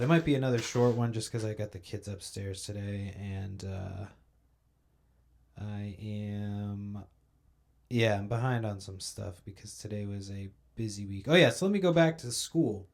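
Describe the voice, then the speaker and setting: A young adult man hosts a podcast, delivering a casual, profane, rambling rant that drifts into loose storytelling. He sounds a bit sleepy, with a lowish, darkish voice, little pitch movement, vocal fry, a slightly slow pace, and frequent pauses.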